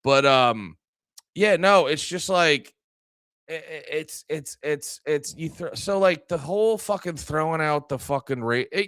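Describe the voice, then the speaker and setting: A man's voice: on the high side, lively intonation, a little slow, a bit bright, smooth, no echo. A man hosting a livestream podcast, ranting angrily and profanely, rambling with many restarts into a close mic.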